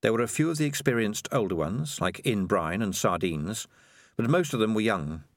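Male audiobook narrator, expressive and measured, dry booth sound. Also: lowish voice, dry recording.

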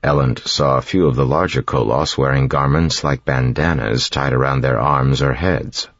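A man reads an audiobook in a measured, even way. His voice is extremely low and gravelly, with a husky grain. It is recorded close and dry, with a slightly dull, muffled sound. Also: no room sound. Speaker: narrator. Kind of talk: audiobook narration.

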